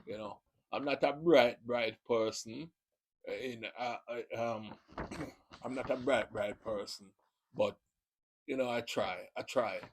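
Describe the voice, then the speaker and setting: A man's voice: mid-range voice, measured pace, background noise. A man with a Jamaican accent hosting his own video channel, giving a casual, rambling spoken testimony full of "you know" fillers.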